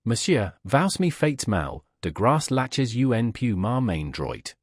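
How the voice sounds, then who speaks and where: A man doing a shy, soft-spoken young woman. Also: medium pitch, big pitch swings, dry recording, clean studio sound. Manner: soft, slow, hesitant; mixes French phrases into English. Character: young woman, shy earnest lace-mender turned teacher.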